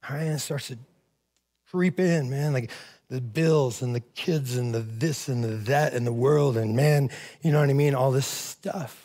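A man's voice: medium pitch, darkish tone. A man preaching a sermon as pastor, fervent and conversational, often saying "man" and "amen".

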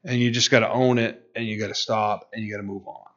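A man's voice: on the low side, fairly even intonation, fast, fairly bright tone, highs cut off. A man preaching a sermon in a conversational way, often saying "you know" and restarting his sentences. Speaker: pastor.

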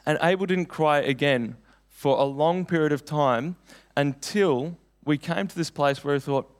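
A man's voice: on the high side, unhurried. A young man preaching a sermon, telling personal stories in an earnest, conversational way.

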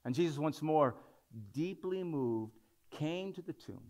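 A man's voice: fairly high pitch, lively intonation, unhurried, darkish tone. A man preaching a sermon, talking conversationally and building into dramatic scripture readings.

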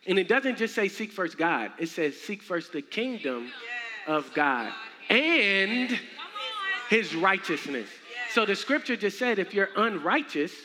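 A young man preaching a sermon in a church, animated and humorous with casual slang. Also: sits high. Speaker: minister. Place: church sanctuary. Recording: echoey hall, faint noise.

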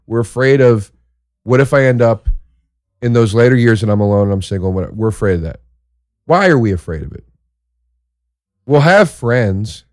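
A man who is a comedian hosting a show, telling a crude story in a casual monologue that swings into excited exaggeration. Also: on the low side, no echo, clean studio sound.

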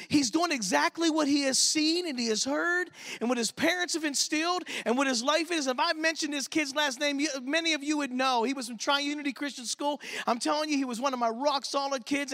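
A man preaching a sermon at a church service, telling stories in an animated, emphatic way as a youth pastor. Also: extremely high pitch. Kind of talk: sermon storytelling.

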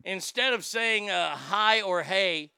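A man's voice: high-pitched, takes it slowly, gravelly, clear, resonant tone, no room sound, studio quality. A man streaming casually, mocking etiquette advice with a crude, sarcastic, profane manner. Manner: animated, jumps into loud shouts. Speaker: streamer reacting to etiquette tips.

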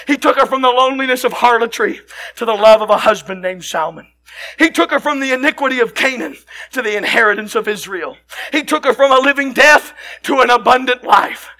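A middle-aged man preaching a sermon, telling stories with passion and often shouting. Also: very high voice, vocal fry. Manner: impassioned storytelling, frequently shouting.

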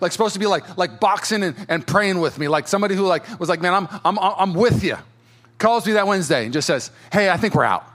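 A man's voice: medium pitch, fairly bright tone. A man in his thirties preaching a sermon as pastor, telling stories in a casual, filler-heavy way in a church. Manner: casual storytelling with many fillers. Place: church auditorium.

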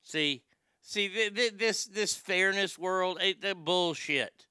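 A middle-aged man ranting comedically and profanely, swinging from loud outbursts to muttering. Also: sits high, slow, clear, resonant tone, no echo, studio quality. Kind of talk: casual comedic rant.

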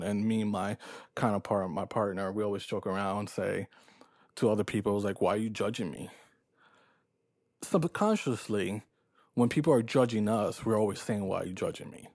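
A man hosting his own podcast, telling a story about his day in a casual, profane, animated way and acting out his own thoughts. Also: lowish voice, moderate pace, no echo, studio quality. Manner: profane, animated retelling with quoted inner thoughts. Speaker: podcast host.

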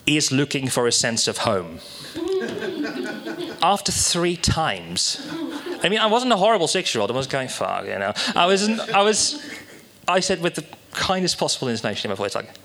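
Bright-voiced man doing a confessional set. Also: medium pitch. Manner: halting, confessional, darkly joking with audience. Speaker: stand-up performer. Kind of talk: stand-up tragedy set. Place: small live comedy venue.

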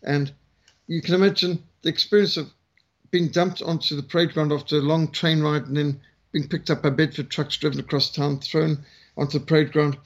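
A man's voice: fairly high pitch, level tone, fairly quick, lo-fi sound. A South African man in his sixties, a missionary speaker telling his life story in a conversational way, with frequent fillers. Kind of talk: testimony talk, storytelling.

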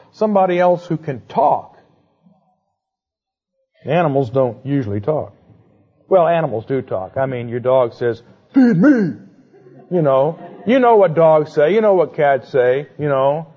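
Casual male Bible teacher, slightly high voice, playful and chatty, dull lo-fi recording. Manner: conversational, playful asides and quick rhetorical questions. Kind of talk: Bible lecture.

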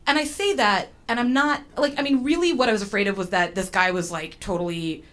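A woman's voice: medium pitch, a little fast, fairly bright tone. A woman telling a personal story to an audience, chatty and self-deprecating, with lots of fillers and restarts.

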